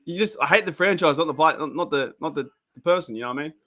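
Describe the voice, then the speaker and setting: An Australian man hosting a live sports reaction stream, chatting casually and rambling, with bursts of excitement at the plays. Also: a little high, racing.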